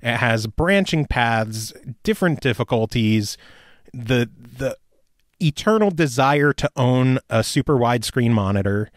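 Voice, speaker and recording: A man's voice: medium pitch, lively intonation, unhurried, dry recording, studio quality. A man hosting a podcast, chatting casually about games with crude jokes and frequent laughter. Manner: joking, crude, laughs often. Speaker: podcast host.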